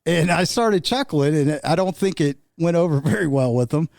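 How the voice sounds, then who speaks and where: A man's voice: a little high, expressive, normal speed, vocal fry, darkish tone, no room sound, studio quality. A man guest telling casual anecdotes in a laid-back way, chuckling often. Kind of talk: casual storytelling.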